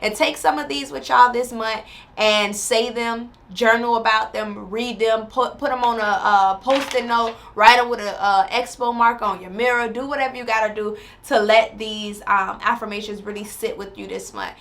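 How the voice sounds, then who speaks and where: A woman vlogger reading affirmations slowly and repeating them, then chatting encouragingly to her viewers. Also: a little high, steady tone, a bit bright, a little hiss or hum. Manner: encouraging, addresses viewers as y'all. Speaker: spirituality vlogger.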